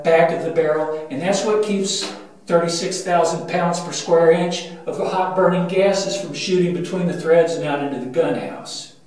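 An older man guides listeners through a battleship's gun turret, explaining each step methodically and pausing often on "uh". His fairly high voice booms around the hard steel walls. The mic sits some distance away, so he sounds roomy and remote. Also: a little mellow. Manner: methodical, pauses with frequent "uh" fillers. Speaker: museum ship guide. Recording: booming metal-room echo, mic at a distance.

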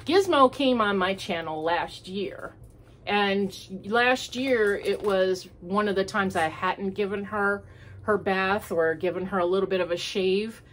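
A woman hosts a homemade crafting podcast from home, chatting casually and rambling through her thoughts in an easygoing, unscripted way with many fillers. Her medium-pitched voice is a bit bright and her pace measured.

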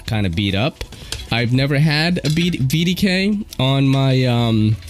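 A man hosting his channel, chatting casually and excitedly in slang while unboxing at home. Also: medium pitch, unhurried, soft background music. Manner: slangy, excitable, loud exclamations. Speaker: channel host reviewing knives. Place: at home at a table.

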